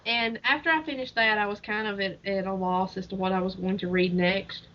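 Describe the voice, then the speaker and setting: A woman co-hosts a casual book podcast, recounting plot details with animated enthusiasm and frequent laughs. Her voice is mid-pitched, and the recording sounds muffled and lo-fi. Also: brisk, slight background noise. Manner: animated retelling, laughs often. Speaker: podcast co-host. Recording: dull lo-fi audio.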